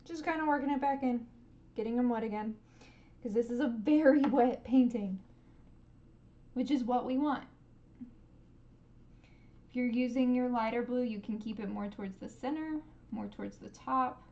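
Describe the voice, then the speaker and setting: A woman streaming a live painting lesson, gently encouraging viewers and making playful sound effects as she paints. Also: on the high side, moderate pace, pauses often, dull audio.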